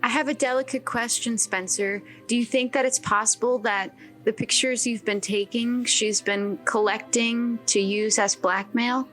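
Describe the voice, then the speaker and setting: A woman playing a tabletop game over a video call, joking in character with droll, deadpan suggestions. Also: on the high side, normal speed, few pauses, faint music behind. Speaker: tabletop player.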